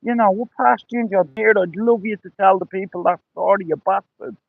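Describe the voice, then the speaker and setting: A man's voice: sits high, steady tone, a little fast, vocal fry, no room sound, phone-quality sound. A man telling rambling, profane stories on a livestream, with lots of "you know" between them. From Ireland. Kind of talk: casual storytelling on a livestream.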